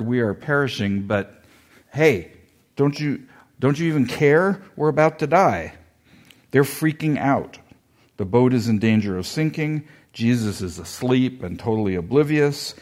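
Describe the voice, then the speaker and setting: A man teaching a Bible passage in a conversational sermon, thoughtful and often restarting his sentences. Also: lowish voice. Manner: animated when retelling the story. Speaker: preacher.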